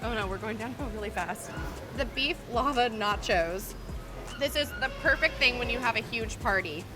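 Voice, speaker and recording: A woman's voice: fairly high pitch, animated, normal speed. A woman in a food review video, exclaiming and gushing over each dish. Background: music.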